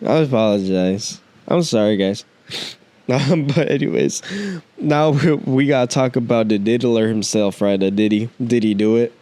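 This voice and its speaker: A man's voice: medium pitch, normal speed, dark tone, dry recording. A man hosting a podcast, ranting in a casual, heated monologue full of profanity and slang. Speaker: podcast host.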